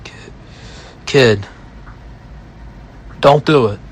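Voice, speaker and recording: Guy putting on a big bearded southern dude, slow drawn-out drawl, gruff but looks out for you, talks real slow. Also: medium pitch, slight background noise. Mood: pleading.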